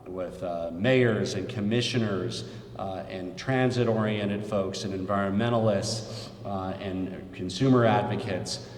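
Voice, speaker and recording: A man's voice: on the low side, a little mellow. A man speaking as a state governor at a press conference, plain-spoken with frequent fillers. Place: large echoey press room. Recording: roomy, long reverb from the hall.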